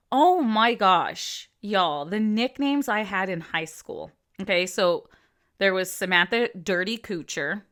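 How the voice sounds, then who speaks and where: A woman's voice: mid-range voice, fairly bright tone. A woman in her thirties giving casual, blunt commentary as a vlogger. She swears freely and drops into whispered asides.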